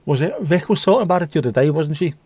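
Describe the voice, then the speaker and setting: A middle-aged man hosts a livestream, rambling casually as he reads viewer comments aloud. His voice sits on the high side with lively intonation and a darkish, breathy tone, and he talks very fast. There's no room sound.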